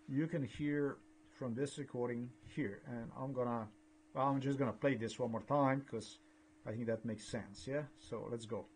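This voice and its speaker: Man, middle pitch, halting and repetitive, earnest rambling vlog delivery. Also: slight background noise. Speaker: video blogger.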